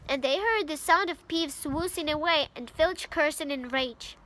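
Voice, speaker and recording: A woman's voice: high-pitched, moderate pace, hardly any pauses, a bit bright. A woman from Ukraine reads a novel aloud in English, reading carefully and sometimes stumbling and restarting. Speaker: reader.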